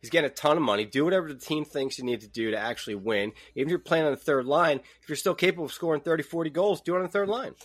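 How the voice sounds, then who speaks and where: A man's voice: on the high side, racing, hardly any pauses, no echo. A man co-hosting a podcast, giving opinionated takes in casual sports chat. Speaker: podcast co-host.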